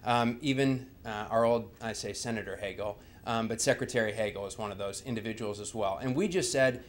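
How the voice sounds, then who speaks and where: A man's voice: on the low side, a little fast. A man presenting a slide talk, speaking conversationally and asking the audience rhetorical questions.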